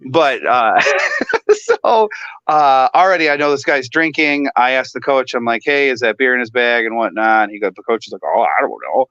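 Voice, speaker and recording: A man on a casual talk show, animated and laughing often as he tells a story. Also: mid-range voice, normal speed, clean tone, dry recording, highs cut off. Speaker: guest.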